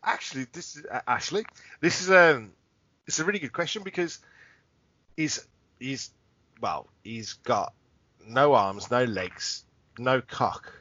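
A man co-hosting a podcast, animated and sweary, laughing often in casual banter, on a dry, dull lo-fi recording. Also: medium pitch, unhurried, pauses often, breathy edge, no echo. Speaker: podcast co-host.

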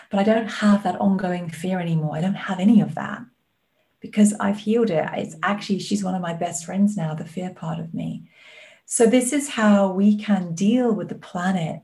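A woman guest on a podcast, a life coach talking in an animated, earnest way. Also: medium pitch, creaky. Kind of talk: podcast conversation.

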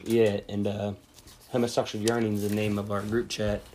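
A young man hosting a casual podcast, rambling and swearing through animated chat among friends. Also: on the low side, moderate pace, slight background noise. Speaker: podcast host.

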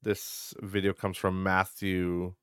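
A man's voice: deep voice, completely flat delivery, slow pace, a bit bright, clear, resonant tone, no room sound. A young adult man hosting a casual solo podcast, ranting with frequent swearing and lots of filler words into a close mic. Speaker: podcast host.

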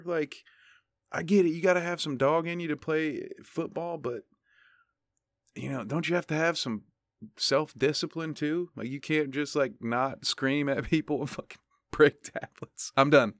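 A man's voice: medium pitch, dry recording, clean studio sound. A man hosting a solo podcast, ranting in a casual, profane, sarcastic way. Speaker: podcast host.

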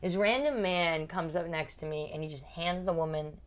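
A young woman, a stand-up comedian co-hosting a podcast, tells a story in casual chat and acts out other people's lines in big voices. Her voice is deep, and she speaks at normal speed.

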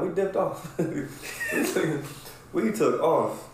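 Brief: male podcast host, swears a lot, animated storyteller, very roomy echo, faint room noise. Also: a little high, takes it slowly. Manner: profane, animated, keeps asking "right?". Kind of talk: casual storytelling chat. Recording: very echoey room.

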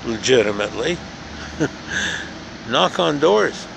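A man's voice: medium pitch, unhurried, creaky. An older man hosting a podcast outdoors in a park, telling a motivational story in an earnest, repetitive way that builds to emphatic rhetorical questions. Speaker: podcast host. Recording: faint outdoor background noise.

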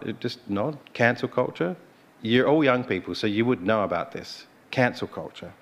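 Man preaching, lively rising and falling voice, chatty, asks the crowd questions. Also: mid-range voice. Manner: chatty, checks in with listeners, rhetorical questions. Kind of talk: sermon to a young audience.

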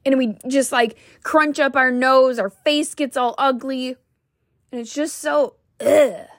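A woman's voice: high voice, fairly even intonation, unhurried, dry recording, studio quality. A woman wellness coach giving a heartfelt, emphatic motivational talk to the camera.

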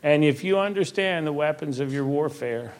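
Older guy, minister type, chatting about faith, earnest, laughs a lot, drags out the big words. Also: fairly high pitch. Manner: earnest storytelling, laughs easily, slows for emphasis. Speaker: Christian minister. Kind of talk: conversational faith talk.

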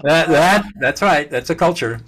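A man speaking as a guest expert on communication, blunt and forceful, repeating words for emphasis and cursing at times. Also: a little high, expressive, moderate pace. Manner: slightly profane. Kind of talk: emphatic conversation.

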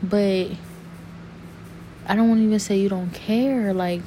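A young woman talking to camera in an earnest, saddened personal monologue, halting and restarting as she searches for words. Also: mid-range voice, steady tone, dark tone, a little hiss or hum. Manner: rambling, halting, full of restarts and fillers.

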